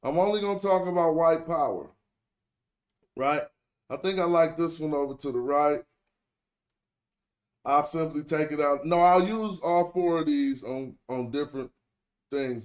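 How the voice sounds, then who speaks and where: A man hosts a casual screen-share tutorial online, chatting loosely with his viewers in slangy language and often correcting himself mid-sentence. His voice is on the high side and a little mellow.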